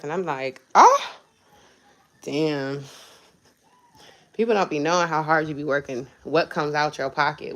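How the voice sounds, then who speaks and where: A woman's voice: sits low, a bit bright. A young woman hosting a casual livestream, talking bluntly and sarcastically with plenty of profanity about her daily frustrations. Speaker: livestream host.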